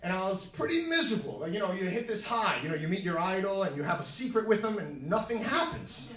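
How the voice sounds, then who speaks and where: A man doing stand-up, telling an animated story and acting out the scenes in a New York comedy club. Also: sits high. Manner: animated, quick asides, acts out scenes. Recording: echoey room, mic far off. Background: audience laughter.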